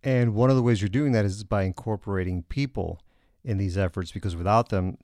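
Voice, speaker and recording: A man with a lowish voice hosts an interview and poses polite, prompting questions to his guest. The sound is close and dry. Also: fairly quick, a little mellow, no echo. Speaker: interview host.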